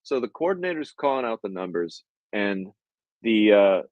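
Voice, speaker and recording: A man's voice: fairly low pitch, normal speed, dry recording, muffled recording. A man hosting a podcast, telling a behind-the-scenes story casually, with lots of swearing and acted-out quotes. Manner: animated, profane, acts out quotes. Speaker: podcast host, filmmaker.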